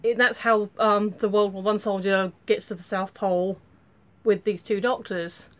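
A woman's voice: medium pitch, fairly even intonation, moderate pace. A woman giving a casual spoken review, chatty and rambling, with lots of fillers and restarts.

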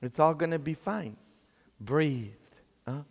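Slow Polish-accented priest in church. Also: male voice, fairly high pitch, animated, vocal fry. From Poland. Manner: earnest, asks the congregation questions. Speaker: pastor. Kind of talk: sermon. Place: large church. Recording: long church hall reverb.

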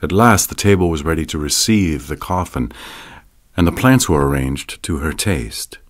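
Male audiobook narrator, very deep voice, measured scripted delivery. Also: expressive.

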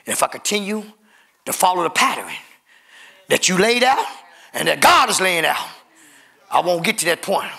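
A man preaches with emphatic fire, calling out to the church. His voice sits high and bright, with a husky, gravelly grain running through it. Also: sing-song, normal speed, pauses often. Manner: emphatic preaching, calls out to the congregation. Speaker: pastor. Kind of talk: sermon.

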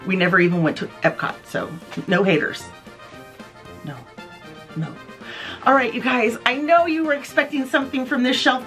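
A woman's voice: mid-range voice, a bit bright. A woman hosting her own vlog, gushing in a bubbly, chatty way as she talks straight to her viewers and shows off a favorite item at home. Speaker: vlog host. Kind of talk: casual product show-and-tell vlog.

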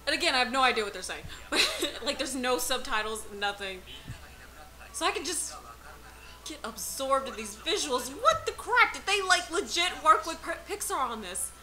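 A woman's voice: high voice, expressive, normal speed, sharp tone, rough recording. A young woman reacting to a video trailer, gushing and squealing with repeated exclamations. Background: trailer music playing faintly.

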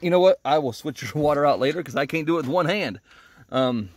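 A man's voice: on the high side, lively intonation, fast, a little hiss or hum. A man rambling casually while doing farm chores outdoors, often talking to his animals. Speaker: homesteading vlogger. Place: outdoors at backyard animal pens. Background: chickens clucking.

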